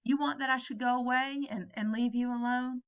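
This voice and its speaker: A woman's voice: on the high side, steady tone, brisk, lo-fi sound, lightly acted. A woman reading the lines of a big, childlike, simple-minded man who pleads with his friend. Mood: pleading.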